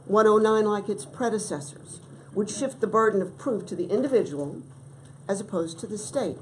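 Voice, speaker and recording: A middle-aged woman giving formal testimony at a legislative hearing, measured and emphatic, stressing key words. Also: medium pitch, darkish tone, slight background noise, low-quality recording. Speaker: testifying witness.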